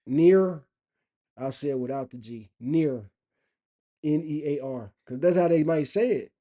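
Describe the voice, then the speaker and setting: A man's voice: fairly high pitch, a little fast, mellow. A middle-aged man telling stories to camera in an earnest, emphatic way, drawing out his phrases. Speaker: vlogger. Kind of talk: casual storytelling monologue.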